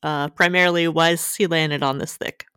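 A woman co-hosting a casual advice chat, opinionated and quick with asides. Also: low voice, fairly even intonation, bright, forceful tone, clean tone, no room sound, studio quality. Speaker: podcast co-host.

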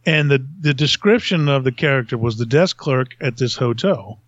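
A man's voice: mid-range voice, animated, normal speed, dry recording, highs cut off. Rambling middle-aged man telling stories. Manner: rambling, self-mocking, laughs at own stories. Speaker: podcast host. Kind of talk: casual storytelling.

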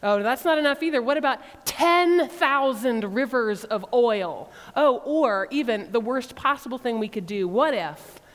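A woman's voice: fairly high pitch, animated, moderate pace, hardly any pauses, close to an everyday voice. Defensive sarcastic people a woman puts on, mocking, exaggerated, church hall reverb.

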